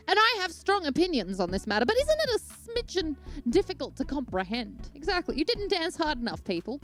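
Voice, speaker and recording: A woman's voice: high-pitched, wildly swooping pitch, fairly quick, few pauses, a bit bright, faint music behind. A young Australian woman giving a comedic rant, digressing and mocking people in put-on voices.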